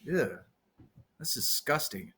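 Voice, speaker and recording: A man vlogging and rambling through silly off-the-cuff freestyle raps, bursting into shouts now and then. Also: a little high, expressive, slow pace, breathy edge.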